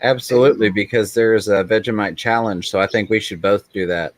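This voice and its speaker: A man hosting a live stream in casual chat, chatty and quick to laugh, with apologetic little asides. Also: fairly low pitch, fairly even intonation, no echo, poor audio.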